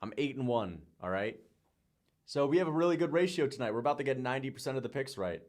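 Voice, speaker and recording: A young man streaming live, calling fight picks with hyped, shouting bursts, swearing and playful trash talk. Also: mid-range voice, lively intonation, fast talker. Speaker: livestreamer making fight picks. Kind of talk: excited livestream reaction commentary.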